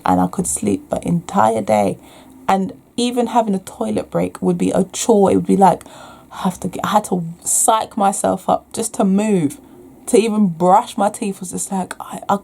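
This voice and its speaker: A woman's voice: lowish voice, gravelly. A young woman vlogging frankly about her own experience, reflective and full of restarts. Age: young adult. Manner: frank and reflective, restarts often, soft sighs. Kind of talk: candid talking-to-camera vlog.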